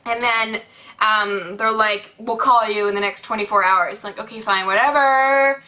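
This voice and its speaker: Bright-voiced chatty young woman vlogger. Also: medium pitch, normal speed. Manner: rambling, animated retelling with many fillers and acted-out quotes. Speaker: beauty vlogger. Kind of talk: casual storytime vlog.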